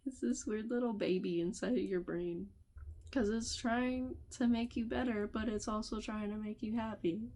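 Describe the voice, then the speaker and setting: A woman's voice: medium pitch, moderate pace, dark tone. A woman making a casual advice vlog, talking straight to the viewer in loose, chatty phrasing and laughing often. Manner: loose, conversational phrasing with fillers and restarts. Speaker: video creator.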